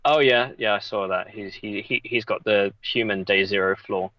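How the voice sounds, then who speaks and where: English man chatting over a muffled mic. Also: on the low side. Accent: mixed English, Essex and Yorkshire traces. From England. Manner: halting, many restarts, reads chat questions. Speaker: guest. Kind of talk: casual live Q&A chat.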